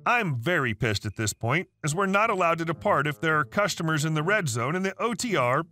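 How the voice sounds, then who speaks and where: A male synthetic-sounding voice reading online stories aloud in an even manner, speaking the dialogue tags out loud. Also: on the high side, brisk, soft background music. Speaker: story narrator.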